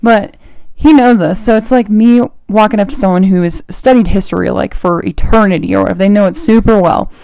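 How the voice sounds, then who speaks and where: A young college-age woman talks casually about her faith as a podcast host, chatty and animated, with lots of "like" fillers. Her voice is warm and mellow, and it is recorded close and dry. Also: medium pitch, creaky, dry recording. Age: young adult, college student. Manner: chatty and animated, full of "like" fillers, quick laughs.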